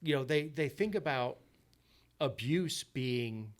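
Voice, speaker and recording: A man's voice: mid-range voice, animated, slow pace. A man guest on a podcast, telling his story earnestly and often repeating words and restarting his sentences.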